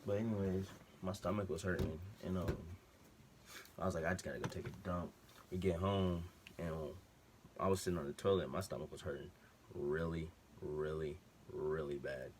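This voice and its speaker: A man's voice: deep voice, fairly even intonation, moderate pace, background noise. A man vlogger telling a story casually at home, slangy and rambling, with many side digressions. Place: room at home with a TV on behind.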